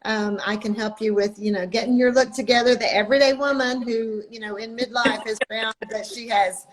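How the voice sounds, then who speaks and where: An older woman with a drawl hosts a casual live chat over a video call. Her voice sits a little high, and she keeps the talk moving in a cheerful, chatty way. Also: fairly even intonation, brisk, over a noisy crowd, rough recording. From Texas. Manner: upbeat, chatty, welcoming. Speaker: host.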